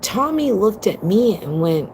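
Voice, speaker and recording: A woman's voice: mid-range voice, very animated, a little slow, a little mellow, slight background noise, low-quality recording. A woman livestreaming from home on her phone, telling a story to her viewers in a blunt, profane, emphatic way and calling them "girl". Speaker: livestream host.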